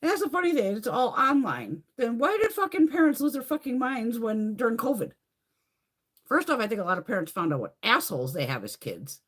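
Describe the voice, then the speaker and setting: Husky, profane woman chatting live. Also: on the high side, fairly quick. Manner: profane, animated storytelling with frequent laughs. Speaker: livestream host. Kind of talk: casual live chat.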